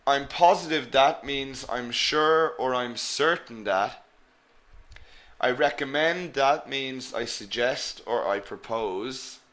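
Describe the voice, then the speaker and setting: A man's voice: medium pitch, slow pace, a bit bright. A man teaching an English webinar, stressing each example phrase and calling his learners "guys". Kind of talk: live webinar lesson.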